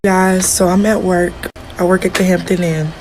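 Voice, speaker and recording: A woman's voice: fairly low pitch, level tone, moderate pace, music in the background. Upset young woman venting at work. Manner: upset, emotional retelling. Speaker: hotel front desk worker. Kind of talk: venting to camera. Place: at work, hotel front desk.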